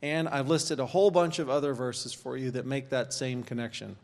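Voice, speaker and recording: A man teaching an informal church course, talking conversationally with pauses and reading scripture aloud. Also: medium pitch, fairly even intonation, darkish tone. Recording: long hall reverb.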